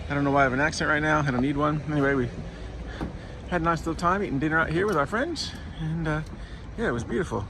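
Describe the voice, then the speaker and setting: A man's voice: a little high, fast, noisy background. A man rambling casually to his camera as he walks outdoors past a port and a factory, correcting himself as he goes. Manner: rambling, chatty, self-correcting. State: sore foot while walking. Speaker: vlogger walking a pilgrimage route. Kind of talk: casual walking vlog. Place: outdoors by a port and industrial road.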